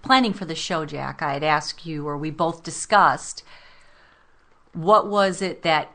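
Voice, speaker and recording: Earnest woman host, low voice. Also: measured pace, a bit bright. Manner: earnest, reflective, addresses listeners directly. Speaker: co-host of a self-help show. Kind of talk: motivational talk radio chat.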